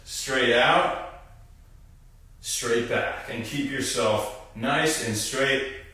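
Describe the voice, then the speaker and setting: A young man, a physical therapist, runs a casual live-stream exercise demo and guides viewers through core moves, addressing them directly. He sounds animated yet slow, with a sharp, medium-pitched voice on a distant mic. The room is very echoey and he goes off-mic at times.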